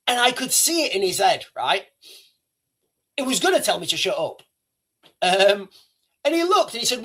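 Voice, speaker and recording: Guy with a high voice rambling on his livestream, lots of ums and restarts. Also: huge pitch swings, normal speed, pauses often, fairly bright tone. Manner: rambling, many restarts and fillers. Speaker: livestream host. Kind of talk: casual livestream chat.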